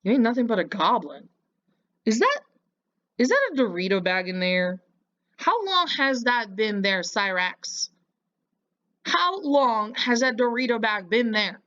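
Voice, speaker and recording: A woman's voice: fairly high pitch, sing-song, a little slow, pauses often, a bit bright, dull audio. A woman giving casual reaction commentary, mocking and lecturing the person in a clip.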